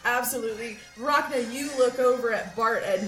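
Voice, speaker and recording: A woman runs a tabletop game, narrating scenes in a lively, laughing way. Her voice sits fairly high and carries a roomy echo. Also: normal speed, faint music behind. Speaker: game master.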